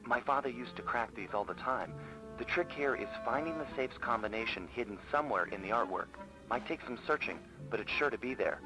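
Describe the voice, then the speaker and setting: A man's voice: mid-range voice, expressive, brisk, lightly acted. An actor voicing a male member of a thief's crew in a game, giving dry, matter-of-fact advice. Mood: advising. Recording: distant game audio under music.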